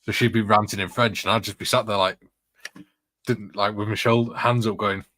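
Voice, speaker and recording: A man's voice: fairly low pitch, steady tone, brisk, sharp tone, no echo. A man casually rambling through anecdotes and reading chat on a live stream, chuckling often, in a room with the curtains closed.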